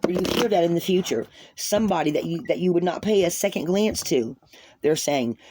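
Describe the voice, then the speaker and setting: A woman's voice: fairly low pitch, fairly quick, noisy background. A woman doing a tarot reading for viewers, talking in an earnest, rambling way and often repeating herself. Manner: earnest, repetitive, rambling, addresses viewers as guys. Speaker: tarot card reader.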